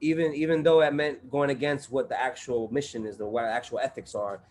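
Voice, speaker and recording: A man's voice: medium pitch, steady tone, a little fast, darkish tone, a little hiss or hum. A man guest on a podcast, telling a story in casual chat, full of profanity, street slang and fillers.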